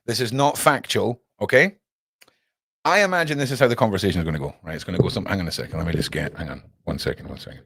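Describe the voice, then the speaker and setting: A man's voice: lowish voice, fast, vocal fry, fairly bright tone, slightly rough, no echo, studio quality. A man hosting a livestream, chatting sarcastically and jokily with lots of slang. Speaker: livestream host. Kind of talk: casual commentary.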